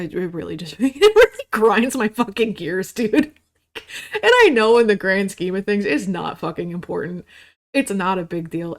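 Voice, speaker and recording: Woman, 30s solo podcast host, rambling and profane, mock-ranting, casual. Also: mid-range voice.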